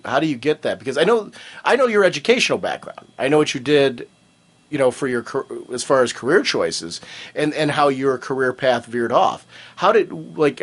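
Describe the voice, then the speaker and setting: Lively man hosting a podcast. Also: mid-range voice. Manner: lively, curious questioning. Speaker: podcast host. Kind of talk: casual chat.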